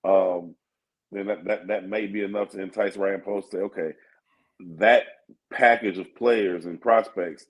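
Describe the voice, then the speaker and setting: A man's voice: sits low, steady tone, normal speed, poor audio. A man co-hosting sports radio, laid-back and thinking aloud with plenty of fillers. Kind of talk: casual sports talk.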